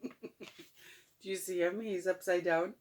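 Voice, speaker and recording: A woman's voice: medium pitch, sing-song, slow. An older woman reading a picture book aloud to children, with playful, chuckling asides to the listener.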